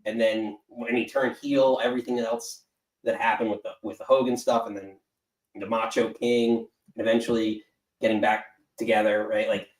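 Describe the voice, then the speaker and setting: A podcast host chatting in a relaxed, reflective way and posing the topic question. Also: medium pitch, normal speed, far from the mic. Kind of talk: casual chat. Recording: echoey room, off mic.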